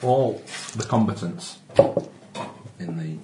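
A man's voice: on the low side, lively intonation, takes it slowly. A man narrating a tabletop game as game master for friends, jokey and rambling, laughing often. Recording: echoey room with background noise.

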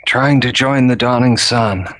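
Guy doing a drunk rambling wreck, stumbles over every word, super slow. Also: medium pitch, fairly bright tone, dry recording, lightly acted. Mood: rattled, rambling. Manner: stammering, trailing off, repeating words. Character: rambling drunk man, beaten former captive. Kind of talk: tabletop role-play voice.

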